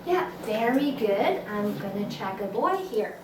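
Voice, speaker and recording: A woman's voice: medium pitch, expressive, measured pace. A woman teaching a language class, patient and full of restarts, singing tones for students to repeat. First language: Mandarin Chinese. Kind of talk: classroom teaching, call and response. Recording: echoey classroom from far off, noisy.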